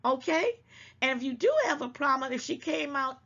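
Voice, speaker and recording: A woman with a gravelly, fry-heavy voice gives casual, emphatic commentary straight to her viewers. She lectures a little as she talks and keeps calling them baby. The sound is dull and lo-fi. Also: sits high, moderate pace, a bit bright. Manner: emphatic and preachy, calls listeners baby. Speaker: channel host.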